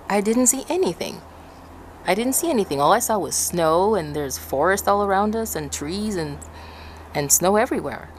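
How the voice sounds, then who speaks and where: A woman from Ecuador casually telling a story to her viewers, acting out what people said and laughing often. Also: a little hiss or hum. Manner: animated, acts out quotes in high shouts, laughs often. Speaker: vlogger.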